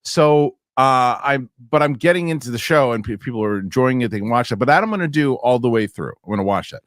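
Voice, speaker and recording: Animated man telling stories, dry sound. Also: mid-range voice, fast, no room sound. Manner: animated storyteller acting out quotes. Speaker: podcast host. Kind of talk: casual chat.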